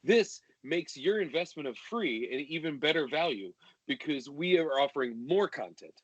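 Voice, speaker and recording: A man co-hosting a podcast from home in casual chat, with relaxed, joking, upbeat banter. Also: on the high side, moderate pace, no echo, dull audio. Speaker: podcast co-host. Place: home during quarantine.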